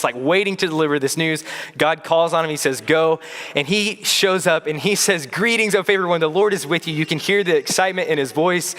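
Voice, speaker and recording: A man preaching a sermon, telling the story in a conversational way, with pauses and phrases that fall away at the ends. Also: fairly high pitch, fairly bright tone. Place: church sanctuary. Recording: long church reverb.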